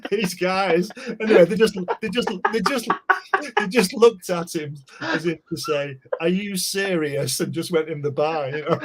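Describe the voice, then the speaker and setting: Man, rambling anecdote-teller, slightly higher voice, laughs a lot. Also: expressive, moderate pace, a little hiss or hum. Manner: rambling, repeats words, laughs often. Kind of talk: casual storytelling chat.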